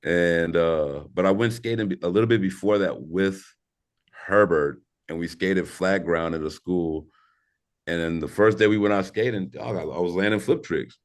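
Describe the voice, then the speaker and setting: Man, 40s, very low voice, relaxed slangy storyteller, podcast guest. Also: moderate pace. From St. Louis, Missouri. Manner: laid-back, slangy, rambling with restarts. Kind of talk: casual interview storytelling.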